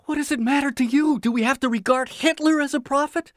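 A man's voice: high voice, lively intonation, moderate pace, no echo, clean studio sound, pitched above the performer's own voice. A man doing a frightened pleading teenage boy. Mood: outraged. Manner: pleading, stammering.

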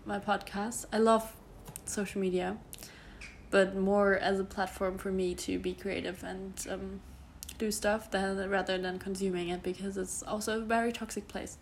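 Young woman, German accent, solo podcast host, monotone, rambling with fillers, faint background noise. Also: mid-range voice, moderate pace. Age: around 20. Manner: rambling, self-correcting, many fillers. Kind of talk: casual solo podcast monologue.

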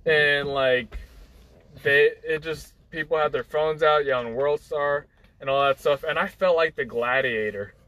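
A man's voice: on the high side, a little slow, bright, forceful tone, smooth, rough recording. A young man telling a rambling personal anecdote in casual chat, full of fillers and restarts, acting out what people said. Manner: rambling, many fillers and restarts, acts out quotes. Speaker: guest storyteller.

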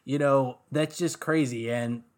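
A man's voice: mid-range voice, steady tone, unhurried, darkish tone. A man co-hosting a podcast, talking casually about music in a rambling way, full of "like" and "um". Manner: rambling, heavy on fillers like "like" and "um". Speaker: podcast co-host.

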